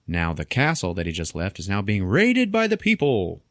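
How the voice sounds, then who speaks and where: Man, podcast host, low voice, casual film recap, laughs a lot, swears, very dry close sound. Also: moderate pace, dry recording. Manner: animated storytelling, frequent laughter, swearing.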